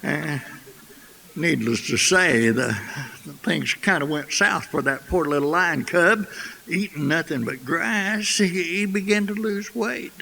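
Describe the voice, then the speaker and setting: Gravelly, folksy male storyteller. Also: a little high, slow pace, pushed and bright. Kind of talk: tandem folktale telling. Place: festival stage. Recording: echoey hall, faint hiss.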